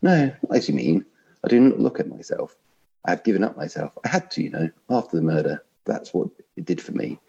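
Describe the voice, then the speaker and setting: A man reading aloud and voicing a calm, forgiven man in heaven who gently reassures. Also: on the low side, fairly quick, vocal fry, slightly rough, muffled recording, voice pushed up, full character voice.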